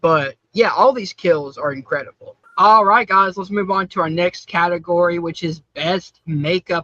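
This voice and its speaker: A man's voice: a little high, moderate pace, hardly any pauses, sharp tone, dry recording, highs cut off. A man hosting a casual podcast about horror films, talking in an enthusiastic, upbeat way as he introduces award categories. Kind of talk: casual film discussion.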